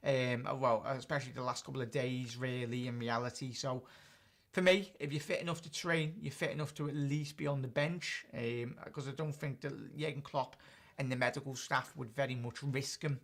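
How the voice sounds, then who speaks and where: A man's voice: mid-range voice, fairly even intonation, normal speed. A man hosting a live-stream football chat as a fan channel host, chatting and answering viewer comments directly.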